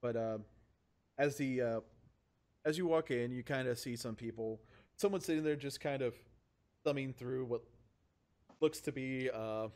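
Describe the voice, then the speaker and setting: A man narrating as game master of a tabletop game, relaxed and chatty with frequent fillers. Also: medium pitch, measured pace, long pauses.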